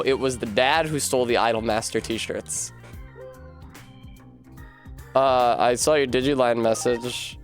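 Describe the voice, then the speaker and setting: Streamer reading game text out loud, sarcastic little jokes, music low in the back. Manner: jokey, sarcastic asides. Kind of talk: casual game commentary reading dialogue aloud.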